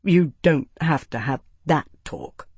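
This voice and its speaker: A narrator voicing a young man, an embarrassed captain who talks haltingly and rambles with fillers, in an audiobook. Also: a little high, animated, darkish tone, breathy edge, no room sound, heavily acted. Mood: flustered. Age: young adult.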